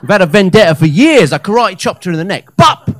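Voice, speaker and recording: Guy in his 30s doing standup at a club, voice jumps all over, dry sound, lots of uhs then big loud bits. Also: high-pitched, fast, no echo. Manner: animated, with hesitant fillers and loud punchlines. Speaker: stand-up comedian. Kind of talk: live stand-up set. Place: comedy club stage. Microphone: handheld stage mic.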